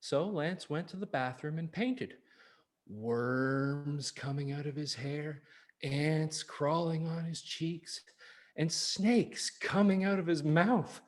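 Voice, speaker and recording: A man's voice: a little high, slow. A man reading a picture book aloud to young children, with chuckling asides. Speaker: early-years program reader.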